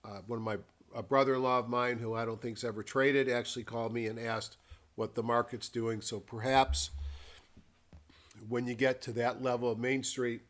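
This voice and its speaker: A man dictating a weekly stock market review with a formal disclaimer, talking in an unhurried way and thinking aloud with frequent ums and pauses. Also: medium pitch, little pitch movement, fairly bright tone. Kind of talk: dictated screen-share market commentary.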